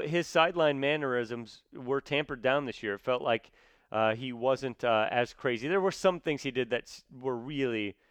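A man's voice: medium pitch, fairly bright tone, smooth, dry recording. A man chatting casually about sports as a guest, talking with many fillers and restarts. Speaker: comedy sketch performer, guest.

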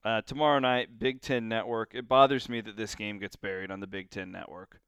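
A man hosting a casual sports talk show, giving blunt, animated opinions. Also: fairly low pitch, a little fast, clear, resonant tone, dry recording, clean studio sound. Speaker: sports radio host.

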